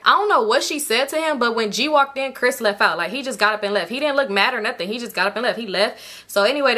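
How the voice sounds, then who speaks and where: A young woman telling a casual storytime to her viewers, animated and slangy, often addressing them directly. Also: a little high. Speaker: storytime vlogger.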